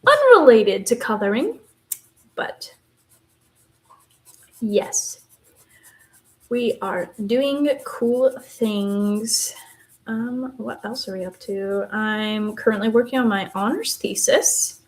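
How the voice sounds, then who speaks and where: Young West Texan woman, rambling live-stream chatter while coloring, voice sitting at an average pitch. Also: lively intonation, slow pace, pauses often. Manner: rambling and chatty, many fillers and asides. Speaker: live streamer, university theater student.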